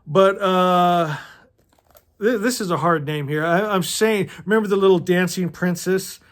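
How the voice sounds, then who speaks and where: A middle-aged man with a somewhat high voice reads a story aloud at a slow pace. He talks casually between passages, gets emotional, laughs often and swears freely. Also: a bit bright. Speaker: host reading a novel aloud. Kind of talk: casual reading with personal commentary.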